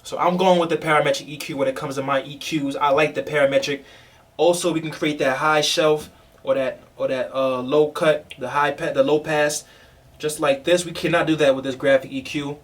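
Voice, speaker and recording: A man's voice: fairly high pitch, fairly even intonation, brisk, distant mic. A man, a music producer, casually walking through a tutorial on his screen, loose and chatty with fillers. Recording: voice a bit off-mic over music.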